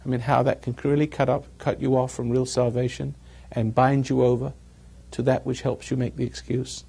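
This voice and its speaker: Gravelly, husky-voiced man lecturing. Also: medium pitch, flat delivery, normal speed, warm tone. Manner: chuckles at his own jokes, digressive storytelling. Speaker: speaker giving a talk. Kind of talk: rambling lecture to a live audience. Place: evening gathering with an audience.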